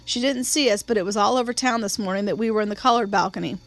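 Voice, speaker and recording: A woman giving a steady, measured audiobook narration of a novel. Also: medium pitch. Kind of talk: scripted narration.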